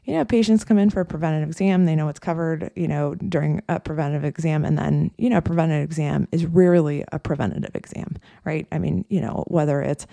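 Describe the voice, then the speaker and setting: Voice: medium pitch, fairly even intonation, fairly quick, vocal fry, dark tone, dry recording. A coach hosting a podcast, talking in a loose, conversational way with frequent "you know" and "right?" asides. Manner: conversational, many fillers and tag questions. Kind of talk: casual podcast monologue.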